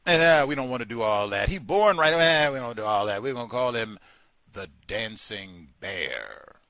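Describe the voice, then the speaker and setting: A sardonic man riffing through a call-in show monologue. His voice jumps around a lot in pitch and has a bright, forceful edge. He sounds close and dry, with no room around him. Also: animated, quick pace, clean tone, no echo. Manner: sardonic, switching between mocking voices and asides. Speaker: radio show host.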